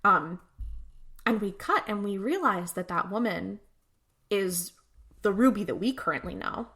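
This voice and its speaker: A woman's voice: mid-range voice, lively intonation, measured pace, bright, forceful tone. A young woman co-hosting a podcast, recapping an episode in casual chat full of fillers. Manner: chatty recap with many fillers and acted-out quotes. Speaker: podcast co-host.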